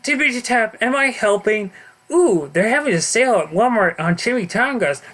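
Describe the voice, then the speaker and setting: A man voicing a wisecracking, goofy male antihero in an amateur story reading, in a high, bouncy, playful voice. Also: expressive, moderate pace, fairly bright tone.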